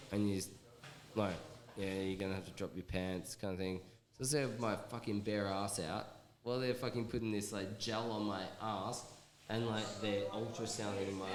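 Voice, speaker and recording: A man with a very low voice tells a story in a loose, casual chat. He rambles, swears freely and pads his talk with fillers. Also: slight background noise. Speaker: guest telling a story.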